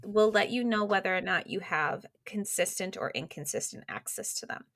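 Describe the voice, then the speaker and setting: A woman guest on a podcast, a business coach, explaining in casual, animated talk full of "like" fillers. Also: mid-range voice, moderate pace. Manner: animated, quotes imagined inner voices, many "like" fillers.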